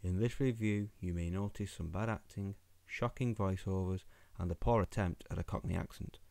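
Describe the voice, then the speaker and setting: A man's voice: low-pitched, moderate pace, vocal fry, darkish tone, dry recording. A man with a Northern English accent, hosting a comedy game review sketch, flustered and exasperated.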